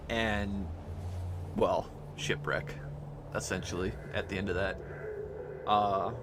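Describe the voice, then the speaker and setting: A man's voice: on the low side, sharp tone, slight background noise. A man recapping his tabletop campaign as game master, rambling and hesitant with many fillers and restarts.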